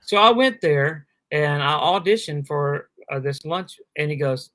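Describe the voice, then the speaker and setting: A man who is a guest comedian on a podcast, telling animated anecdotes and acting out quotes in casual chat. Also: on the high side, moderate pace, few pauses, no room sound.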